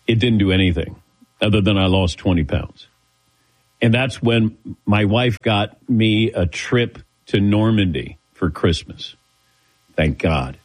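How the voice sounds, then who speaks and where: A man's voice: on the low side, expressive, a little slow, low-quality recording. A man hosting a show, telling a long rambling story in a casual way and acting out the voices of people he quotes. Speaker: show host.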